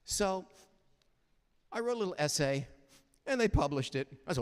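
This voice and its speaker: An older man giving a heartfelt, storytelling chapel talk at a university, animated and prone to halting restarts. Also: on the high side. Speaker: guest chapel speaker. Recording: reverberant chapel hall.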